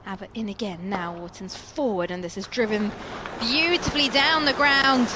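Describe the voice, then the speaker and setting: A woman commentating ball by ball on cricket, describing each shot smoothly. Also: fairly high pitch, normal speed. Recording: crowd and noise behind.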